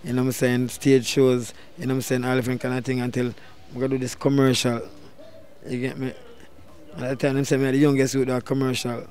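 Jamaican guy, middle aged, telling an interview story, gets loud acting out what folks said. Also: mid-range voice, fast talker. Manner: animated, loud bursts when acting out quotes. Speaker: dancehall deejay guest.

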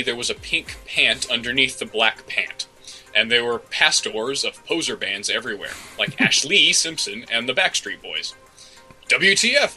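Bright-voiced man reading deadpan. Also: mid-range voice, rough recording. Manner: deadpan, breaks into laughter. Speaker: podcast co-host. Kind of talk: comedic dramatic reading. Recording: faint music bed behind.

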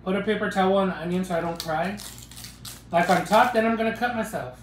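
A man's voice: high-pitched, quick pace, slight background noise. Man hosting a live cooking stream, playful banter with the chat, phone audio in an echoey kitchen. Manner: playful, joking, chats with viewers. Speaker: cooking livestream host.

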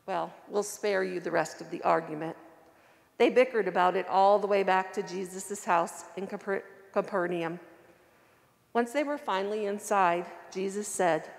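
A woman's voice: medium pitch, moderate pace, vocal fry, big-room sound. A woman reading a children's story aloud in church and then explaining its lesson.

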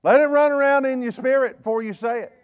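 A man with a Southern US accent, a bishop preaching a sermon in a folksy, joking way with quick asides. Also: very high-pitched, clear, resonant tone, lo-fi sound. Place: church service.

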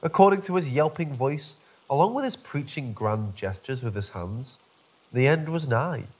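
A man's voice: medium pitch, expressive, moderate pace, breathy edge. A man narrating a first-person horror story from a script, in a dry, wry storytelling manner.

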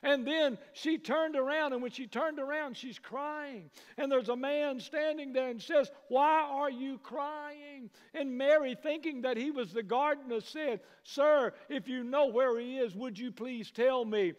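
A man preaching a sermon as pastor, building from hushed passages to loud praise. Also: very high voice, a little slow, few pauses, dull audio. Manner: preaching, rising to shouts of praise. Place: church sanctuary. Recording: long hall reverb.

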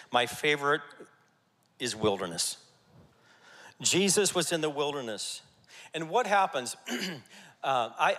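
A man preaching a sermon as pastor, energetic and jokey, rallying his congregation. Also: mid-range voice. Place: church sanctuary. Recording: church hall reverb.

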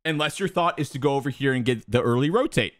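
A young man coaching viewers over gameplay, profane and exasperated, repeating words rapid-fire. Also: medium pitch, lively intonation, noisy background. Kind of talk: live gameplay coaching commentary.

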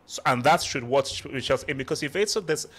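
A man's voice: a little high, lively intonation, fairly quick, a bit bright. A man in a casual football debate, passionate and emphatic, often cutting in. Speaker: Chelsea fan pundit.

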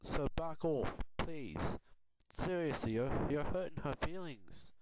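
A man from Houston giving a rambling, chatty update vlog from a quiet home, laughing often. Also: on the high side, expressive, takes it slowly. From Houston, Texas. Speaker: video blogger. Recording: noisy home recording with clicks.

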